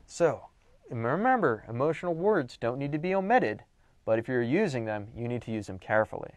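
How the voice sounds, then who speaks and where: A man's voice: mid-range voice, no room sound, clean studio sound. A young adult man giving a recorded lecture on writing, teaching with emphatic, playful exaggeration.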